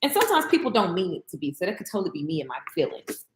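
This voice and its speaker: A woman's voice: on the low side, huge pitch swings, racing, echoey room, a little hiss or hum, rough recording. A woman chatting casually to her viewers while she cooks in her kitchen, calling them y'all. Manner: chatty, talks to viewers as y'all, Southern slang. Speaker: vlogger and business coach. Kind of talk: casual chat while cooking. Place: home kitchen.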